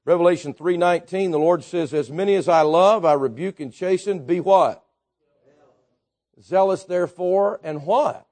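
Fiery preacher man, high voice. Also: moderate pace. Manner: swings from quiet asides to shouting; storytelling with folksy asides. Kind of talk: sermon.

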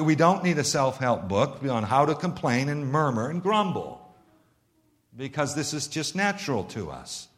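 A Canadian-accented man preaching a sermon. His pitch rises and falls freely as he stresses lists of words. He keeps asking his listeners pointed rhetorical questions. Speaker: pastor.

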